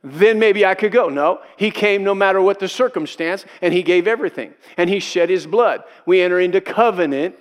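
A man's voice: high voice, fairly quick, hardly any pauses, clear, resonant tone. A male pastor preaching a sermon, emphatic and repeating key phrases, acting out quoted voices as he goes.

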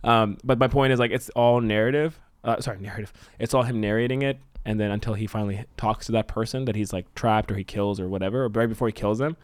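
A male podcast co-host pitches a story idea in loose, rambling sentences peppered with swearing and laughter. His voice sits a bit low. The sound is dry and close. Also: steady tone, fast talker, few pauses, no echo. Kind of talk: casual brainstorming chat.

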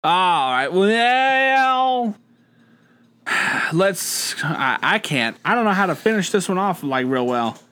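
A man's voice: high-pitched, very animated, slow, sharp tone, clear, resonant tone. A young man co-hosting a podcast, chatting in a laid-back way, laughing often and trailing off with fillers. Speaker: podcast co-host. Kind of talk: casual chat.

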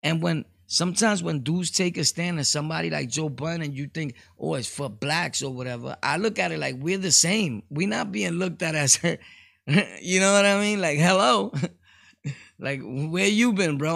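A man's voice: a little high, gravelly, fairly bright tone, dry recording, clean studio sound. A man hosting a solo podcast, rambling casually with street slang and laughing asides. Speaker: podcast host.

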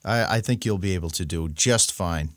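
A man's voice: sits low, moderate pace, no room sound, studio quality. A man co-hosting a podcast in easy, affirming casual chat. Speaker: podcast co-host.

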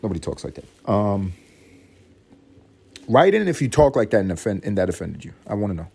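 A young man carries his podcast alone in a loose, profane monologue. He wanders from thought to thought and sometimes breaks into a shrill mock voice for effect. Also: big pitch swings, fairly quick, creaky, pauses often, darkish tone, husky. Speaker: podcast host. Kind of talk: solo comedic podcast monologue.

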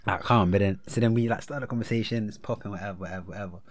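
A young man, telling a long story as a podcast co-host, animated and full of slang, acting out what people said. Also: rapid-fire, background noise. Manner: animated, slangy, acts out quotes with big pitch jumps. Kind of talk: casual storytelling chat.

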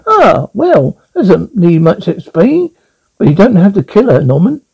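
An actress playing a brisk, teasing young woman in a radio drama. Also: lowish voice, wildly swooping pitch, vocal fry, mellow, slightly rough, dry recording, muffled recording, full character voice. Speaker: the man's sweetheart.

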